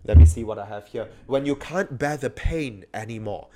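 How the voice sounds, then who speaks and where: A man preaching a sermon, animated, often raising his voice to act out cries of the psalms. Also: mid-range voice, moderate pace. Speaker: pastor.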